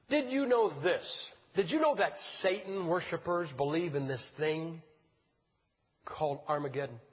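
Dull lo-fi audio and lingering church-hall echo surround this sermon. The preacher, an older man whose voice sits on the high side and sounds husky, keeps things folksy and humorous while throwing rhetorical questions at the congregation.

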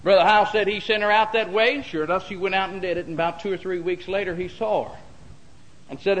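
A man's voice: high-pitched, a little fast, slight background noise, low-quality recording. A man preaching a sermon in a folksy, repetitive way, calling out for amens. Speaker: pastor.

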